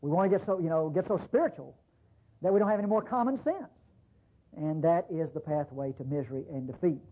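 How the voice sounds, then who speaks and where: A man's voice: a little high, brisk, husky. A man preaching a sermon in a folksy way, with rhetorical questions and frequent restarts. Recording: tinny phone-like recording.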